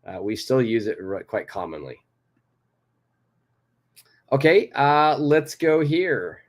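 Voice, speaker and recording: A man's voice: medium pitch, expressive, slow pace, long pauses. Man, English teacher, patient, repetitive, explaining idioms. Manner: patient, repeats example phrases and reads students' answers aloud. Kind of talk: live online grammar lesson.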